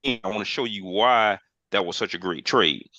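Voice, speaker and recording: A man's voice: lowish voice, normal speed, bright, forceful tone, dry recording, highs cut off. A man acting as a trading mentor on a group call, talking emphatically and often repeating phrases as he walks through charts. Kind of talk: casual online group call, chart walkthrough.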